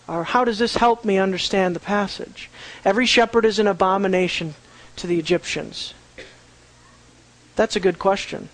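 A man's voice: high voice, rough recording. A man teaching a sermon, reading scripture aloud and asking his listeners rhetorical questions. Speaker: Bible teacher.

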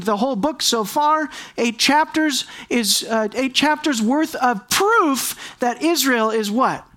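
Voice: high voice, expressive, slow pace, few pauses, fairly bright tone. An earnest preacher delivering a verse-by-verse sermon. The delivery is emphatic, with key lines said twice for weight and frequent rhetorical questions aimed straight at the listeners. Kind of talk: expository sermon.

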